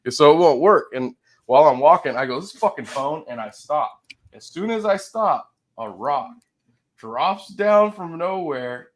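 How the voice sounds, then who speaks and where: A man in the middle of a story, talking with lively ups and downs in pitch. He swears freely, laughs between phrases, and swings between loud bursts and quiet asides. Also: a little slow. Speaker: guest telling a story.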